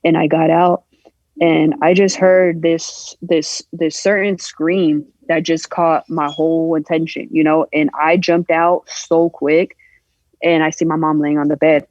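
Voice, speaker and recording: A woman guest on a podcast, candidly telling a personal story in a halting, emotional way, acting out the voices she quotes. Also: low voice, little pitch movement, darkish tone, no room sound. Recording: dull lo-fi sound.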